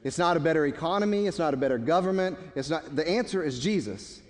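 A man's voice: fairly high pitch, animated, fast talker, a little mellow. A man preaching a sermon in a church, emphatic, with stammered restarts. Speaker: pastor. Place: church sanctuary. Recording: long hall reverb.

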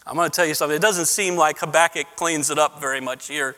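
A man's voice: on the high side, steady tone, quick pace, pushed and bright, in a large hall. A man preaching a sermon as pastor, repeating words as he builds, rising into passionate pleading. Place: church sanctuary.

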